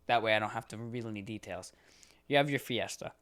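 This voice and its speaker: A young man co-hosting a podcast rants in casual chat, speaking fast in a voice on the low side. He is animated, swears a lot, and acts out exasperated phone callers.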